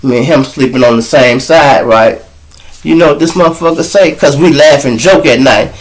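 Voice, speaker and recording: A man's voice: medium pitch, moderate pace, rough recording. A man hosting a podcast, telling a long story in casual, profane talk and acting out other people's words. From Chicago. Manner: animated, profane, acts out quoted voices. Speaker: podcast host.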